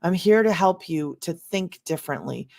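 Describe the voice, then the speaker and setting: A woman's voice: lowish voice, animated, normal speed, vocal fry, a little mellow. A middle-aged woman hosting a casual motivational livestream, emphatic and repetitive, acting out what others say. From United States. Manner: emphatic, repeats herself, acts out quoted voices. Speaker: livestream host.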